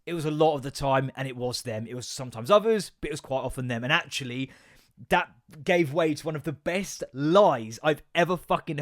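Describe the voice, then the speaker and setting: Man, thirties, casual comedic monologue, sweary, animated, loud bursts. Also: a little high. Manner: sweary, animated storytelling with sudden loud outbursts. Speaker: podcast host.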